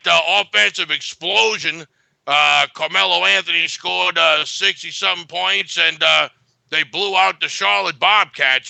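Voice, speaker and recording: A man's voice: high-pitched, creaky, pushed and bright, no echo. A man giving a sports betting pick in a blunt, boastful way, full of filler uhs.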